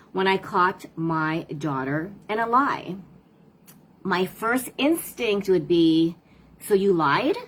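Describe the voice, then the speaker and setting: A woman's voice: lowish voice, a bit bright, slightly rough, rough recording. A woman parent coach talking casually to viewers on a live stream, asking rhetorical questions and replying to comments.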